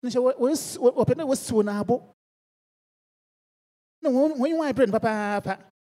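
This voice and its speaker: A woman preaching a sermon, mixing English with a local language and swinging between soft and loud passages. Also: on the high side, normal speed, in a large hall.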